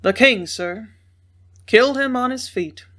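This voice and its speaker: Woman playing a tight-lipped young cowboy, weary and stern, slow delivery. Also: on the high side, a bit bright, voice pushed up.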